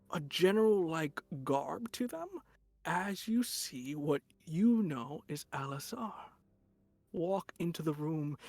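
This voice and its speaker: A man's voice: on the high side, vocal fry, a little mellow, no room sound. A man narrating a tabletop game as game master, setting scenes in a loose, casual way.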